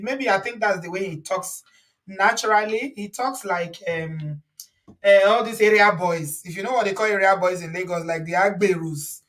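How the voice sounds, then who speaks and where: A woman's voice: mid-range voice, a bit bright. Nigerian woman, host, casual reaction chat, laughs a lot, voice a little distant from the mic. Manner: chatty, laughs often, mixes in Yoruba words.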